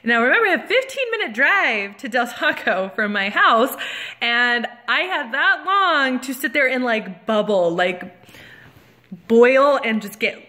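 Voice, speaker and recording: A woman in her thirties telling a rant as a casual storytime, animated, laughing often and getting louder as she gets worked up. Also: on the high side, measured pace. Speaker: vlogger.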